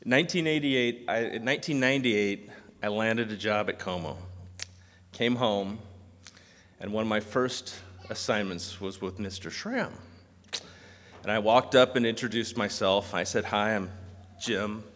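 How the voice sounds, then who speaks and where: Man telling animated stories in a hall. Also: lowish voice, a little slow. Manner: animated storytelling, mimics voices. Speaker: eulogy speaker. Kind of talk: memorial speech with anecdotes. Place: large hall. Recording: long hall reverb.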